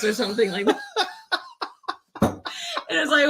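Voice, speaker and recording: A woman's voice: medium pitch, animated, unhurried, pauses often, a bit bright, breathy edge. A woman co-hosting a casual live stream, laughing often and telling rambling stories. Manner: giggly, rambling storyteller. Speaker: co-host.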